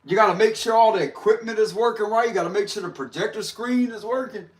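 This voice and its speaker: A man's voice: sits high, quick pace. A man doing a casual livestream tarot reading, slangy and laughing often as he talks to viewers. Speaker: tarot reader.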